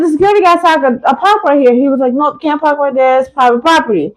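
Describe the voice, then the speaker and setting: A woman co-hosting a podcast tells a story in a casual chat, animatedly acting out every quote. Her voice sits high and moves fast, and the recording is low quality.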